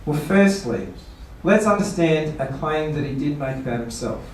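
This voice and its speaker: A man's voice: on the high side, expressive, moderate pace, slight background noise. A man, a pastor giving a seminar talk, asking rhetorical questions and playfully mock-quoting people. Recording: echoey room, voice from far off.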